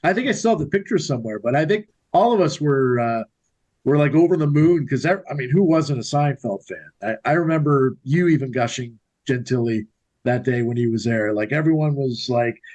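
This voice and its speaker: A man with a mid-range voice recalls a memory in casual chat, pausing and hedging as he gathers his thoughts. His delivery is plain and unhurried. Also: medium pitch, lively intonation, darkish tone, rough recording. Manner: hesitant, gathers thoughts with ums. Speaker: radio co-host.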